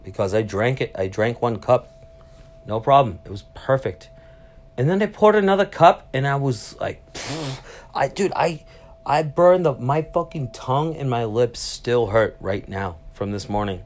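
A man casually rambling through a solo podcast story from a cruise ship cabin, swearing freely and getting sidetracked. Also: mid-range voice. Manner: rambling, profane, easily sidetracked. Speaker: podcast host. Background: public announcements.

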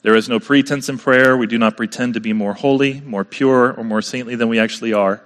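A man's voice: medium pitch, steady tone, fairly quick, big-room sound. A man preaching a sermon in a conversational way, often turning to the congregation with rhetorical questions. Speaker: pastor.

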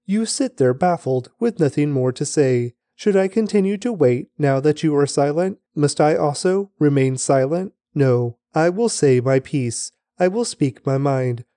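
Guy doing a daily scripture reading, kinda high voice but mellow, slow and steady. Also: no room sound. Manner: measured, deliberate reading. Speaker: scripture reader.

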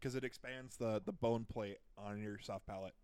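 A man's voice: lowish voice, fairly even intonation, moderate pace, a loud crowd. A young man joking and teasing his friends in casual chat. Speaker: podcast co-host.

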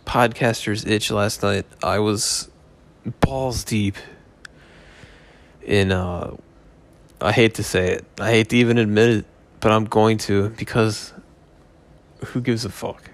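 A man's voice: fairly low pitch, steady tone, slow, pauses often. A man hosting his own podcast, rambling casually with profane, joking asides. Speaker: podcast host. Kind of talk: casual solo podcast chat.

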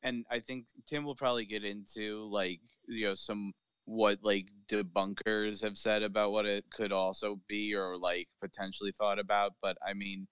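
A young man chats casually on a podcast, rambling through fillers before landing on jokes. His voice is low and smooth. The sound is dry and close. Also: level tone, moderate pace, few pauses, fairly bright tone, dry recording. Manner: rambling, many fillers, riffs into silly bits. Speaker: podcast co-host. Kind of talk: casual joking chat.

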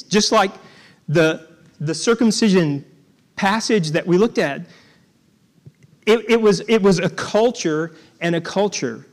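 A man's voice: high-pitched, darkish tone. A man preaching a storytelling sermon as a guest preacher, stumbling over and repeating his words and joking with the congregation.

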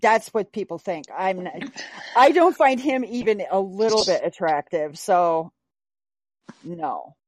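A woman's voice: medium pitch, expressive, measured pace, no echo. A woman hosts a casual podcast chat, blunt and emphatic, and she swears freely. Her voice sits in the middle range for a woman. The recording is dry, with little room sound. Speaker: podcast host.

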